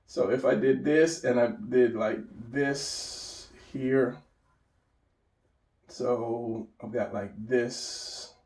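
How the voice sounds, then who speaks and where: A man with a gravelly voice walks through a drawing lesson without a script. He rambles and corrects himself while sketching. The sound is echoey, as if he sits some way from the mic in a bare room. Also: medium pitch, steady tone, extremely slow, a little mellow, distant mic. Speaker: drawing instructor. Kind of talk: unscripted drawing tutorial.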